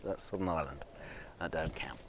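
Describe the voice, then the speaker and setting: A man's voice: extremely low pitch, fairly quick, noisy background. A drunk man with an English accent, rambling in a casual monologue with many fillers, restarts and swearing. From England, of Scottish family. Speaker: guitar video maker.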